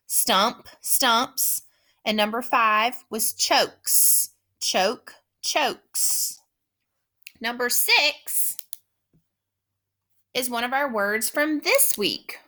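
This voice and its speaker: A woman teacher giving a spelling dictation lesson, speaking slowly and repeating each word with patient care. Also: on the high side, bright, forceful tone. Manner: slow, patient, repeats words carefully.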